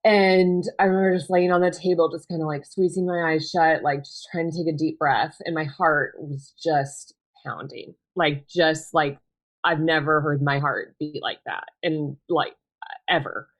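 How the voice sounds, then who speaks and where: A woman in her thirties speaks as a podcast guest, recounting a personal story. Her voice sits notably low, and she talks quietly, with many pauses, fillers and restarts that give her a subdued, halting delivery. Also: fairly even intonation. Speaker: podcast guest, bereaved mother.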